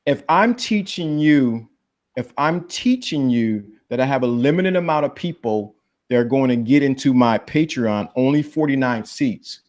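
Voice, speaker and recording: A man on a casual livestream panel, lecturing in a preachy way and jumping his pitch up for emphasis. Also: lively intonation, normal speed, a little mellow.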